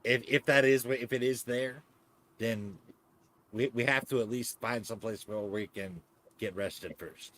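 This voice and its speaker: Halting man talking strategy in a game. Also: mid-range voice, a bit bright. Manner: halting, repeats words while thinking. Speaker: player. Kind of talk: casual chat in a tabletop game.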